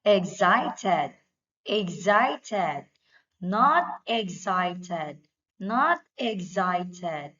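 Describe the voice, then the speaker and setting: A woman leading a young children's English lesson, saying each word or phrase twice in a clear drill style. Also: fairly low pitch, animated, extremely slow, a bit bright, dull audio.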